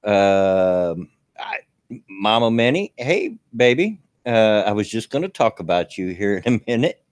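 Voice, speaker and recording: A man's voice: fairly low pitch, sing-song, measured pace, clean tone, dry recording, studio quality. A man, hosting a live stream in a folksy, rambling way with many fillers and restarts. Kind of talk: casual chat.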